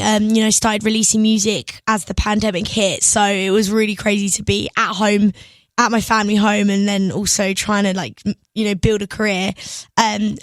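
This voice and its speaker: A woman's voice: mid-range voice, no echo. Chatty young English woman, dry sound. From England. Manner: chatty, laughs often, many fillers. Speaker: guest singer. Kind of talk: casual radio interview.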